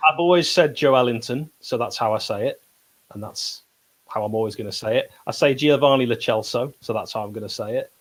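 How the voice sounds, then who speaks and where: A man's voice: medium pitch, brisk, rough recording. A man giving football opinions on a podcast, stubborn and jokey, with lots of fillers. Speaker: pundit. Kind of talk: casual football podcast chat.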